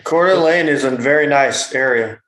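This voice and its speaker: A man co-hosting a podcast, teasing and asking quick questions in casual chat. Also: medium pitch, fairly bright tone, low-quality recording. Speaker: podcast co-host.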